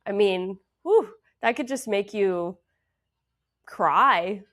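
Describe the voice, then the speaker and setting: A woman's voice: medium pitch, animated, very slow, fairly bright tone. Canadian actress guest, young woman, thoughtful, earnest, filler-heavy. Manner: reflective, earnest, many fillers. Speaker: actress and dancer, interview guest. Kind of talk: conversational interview.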